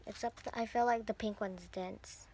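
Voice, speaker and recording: A young woman chatting casually as she unboxes squishy toys, gushing and breathy as she talks. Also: mid-range voice, fairly even intonation, normal speed, darkish tone, slight background noise. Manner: gushing, breathy squeals over cute toys. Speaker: vlogger.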